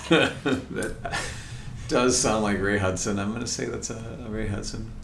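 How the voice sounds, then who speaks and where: A man co-hosting a soccer podcast, relaxed, giving short replies and quick laughs. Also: on the low side, gravelly. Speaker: podcast co-host. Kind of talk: casual chat. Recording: roomy echo, faint hiss.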